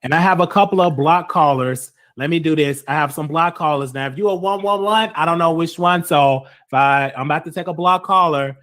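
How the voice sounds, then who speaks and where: A man's voice: fairly high pitch, fairly quick, hardly any pauses, fairly bright tone. A man hosting live call-in radio, casually reading caller numbers aloud and bringing callers on air. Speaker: radio talk host taking callers.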